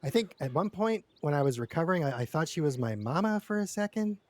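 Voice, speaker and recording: A man's voice: on the high side, big pitch swings, quick pace, no room sound. A man telling a long story in character during a roleplay session, rambling and stammering with lots of repeated words and casual swearing.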